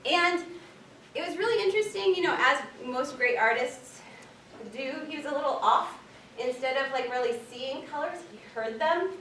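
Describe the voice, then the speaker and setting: A woman librarian giving a casual, animated workshop talk, chatting with plenty of fillers. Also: high voice, moderate pace. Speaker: children's librarian presenting at a workshop. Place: meeting room at a public library. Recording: echoey room, distant mic, faint noise.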